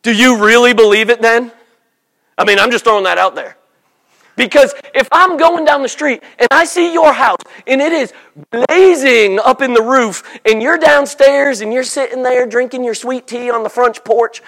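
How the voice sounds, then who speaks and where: A man preaching a sermon, animated, slipping into mock voices for the people he describes. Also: extremely high pitch, moderate pace.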